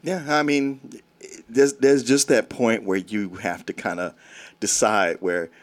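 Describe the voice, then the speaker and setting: A man's voice: lowish voice, steady tone, unhurried. A man in a casual movie chat who talks in an easygoing, reflective way.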